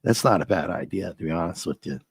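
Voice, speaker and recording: A man hosting a live stream, chatting and ranting casually with viewers, his voice a little rough and often breaking into laughs. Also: low voice, fast talker, dry recording. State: slightly rough voice. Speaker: livestream host.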